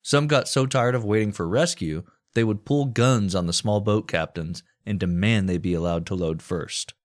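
Low-voiced man narrating history, crude humor. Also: moderate pace. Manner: storytelling with crude jokes and profanity. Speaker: podcast co-host narrating history. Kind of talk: casual comedic history podcast narration.

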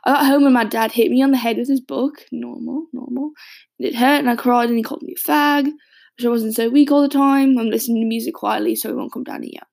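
A woman voicing an adult British man, a longtime smoker with a raspy voice, who reads his childhood diary in a hesitant, rambling audio drama monologue. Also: on the high side, fairly even intonation, a little fast, darkish tone. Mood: reading aloud. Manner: hesitant, rambling, many restarts.

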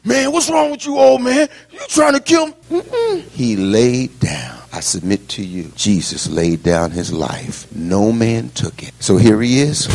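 A middle-aged man pastor preaching a sermon in a lively, folksy storytelling style. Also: sits low.

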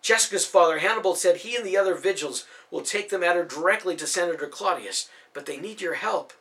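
A man's voice: high-pitched, fairly quick, pushed and bright, pitched above the performer's own voice. A man voicing an eager, emotional young woman who speaks urgently and from the heart.

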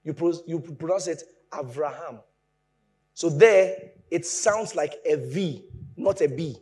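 Husky male preacher, animated teaching. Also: measured pace, soft background music. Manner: lively, builds from low asides to emphatic raised explanations. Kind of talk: sermon.

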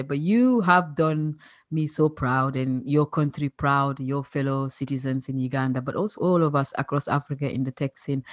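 A woman hosting a podcast interview, effusive and encouraging, full of praise for her guest. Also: low-pitched. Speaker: podcast host.

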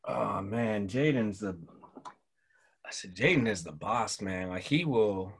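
A man in his thirties from the American South, a military father talking as a guest in a relaxed chat. He talks loosely with lots of fillers and livens up when quoting people. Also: lowish voice, takes it slowly, breathy edge. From Southern United States. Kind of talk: casual conversational storytelling.

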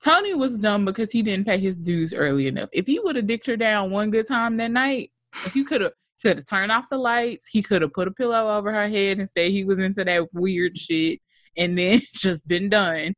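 A woman co-hosting a casual podcast, talking in an animated way with plenty of swearing and laughter. Her voice sits at a middle pitch and sounds dry and close, with no room echo. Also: moderate pace. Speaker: podcast co-host. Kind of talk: casual chat.

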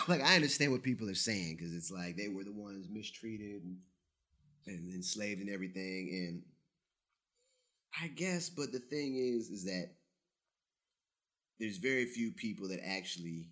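A man's voice: fairly low pitch, lively intonation, measured pace, pauses often, sharp tone. An American man talking in a loose, profane way, often asking "you know what I'm saying?". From United States. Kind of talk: casual chat.

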